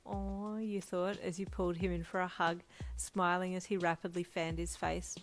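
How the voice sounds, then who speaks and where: A woman reading a second-person fan fiction audiobook in a steady, soft storytelling manner. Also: fairly low pitch, normal speed, soft background music. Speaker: fanfiction reader.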